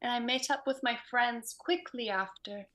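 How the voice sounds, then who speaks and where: A woman voicing her character in a tabletop game, slow and genteel. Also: a little high, fairly bright tone. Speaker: player.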